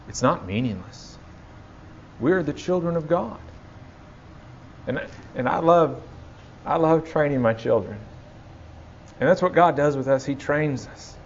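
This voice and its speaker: A man's voice: mid-range voice, darkish tone. Male pastor, 30s, fervent sermon delivery, muffled lo-fi sound with faint hiss. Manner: impassioned, dramatic quoting, repeats for emphasis.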